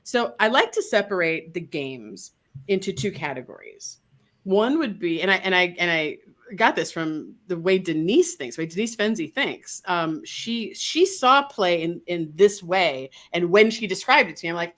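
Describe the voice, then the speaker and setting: Speaking at a measured pace in a voice on the low side, a woman who trains dogs describes her approach as a guest in an interview. She's relaxed and animated, occasionally slipping into dog voices.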